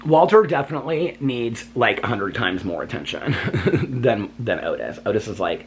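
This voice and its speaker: A man's voice: fairly low pitch, animated, moderate pace, slight background noise. A man vlogging from his bedroom at home, chatting in a rambling way and talking sweetly to his dogs. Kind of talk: casual chat.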